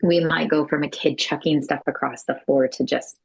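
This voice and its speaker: Gentle husky woman with a low voice. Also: fairly even intonation, moderate pace, no room sound, low-quality recording. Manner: earnest, gentle, reflective. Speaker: podcast guest, mother of six. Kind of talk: casual podcast conversation. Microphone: remote call.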